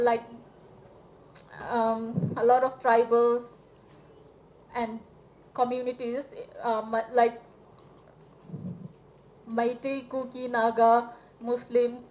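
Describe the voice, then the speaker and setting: Young woman from Manipur, student speaker, higher voice, hesitant and earnest; tinny phone-quality audio. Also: little pitch movement, takes it slowly, pauses often. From Manipur, India. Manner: hesitant, earnest, many fillers. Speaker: student representative speaking at a solidarity event. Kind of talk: public speech. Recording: tinny phone-like live stream with faint noise.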